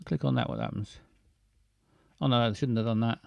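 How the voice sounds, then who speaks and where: A man hosting a live show, chatting casually in a halting, playful way with many restarts and silly jokes. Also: mid-range voice, fairly even intonation, creaky, no echo, highs cut off. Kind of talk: casual rambling live chat.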